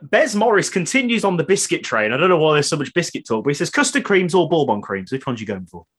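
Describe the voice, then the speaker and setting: A man hosting a casual podcast interview. His voice is a little high for a man and quite lively, with a husky grain to it. He reads out listener questions and agrees readily with his guest. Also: quick pace. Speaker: podcast host.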